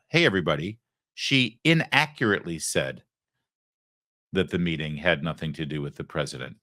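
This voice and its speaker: A man's voice: low-pitched, bright, forceful tone, dry recording, clean studio sound. A man hosting a political commentary show, delivering a sarcastic opinion monologue and acting out quoted voices.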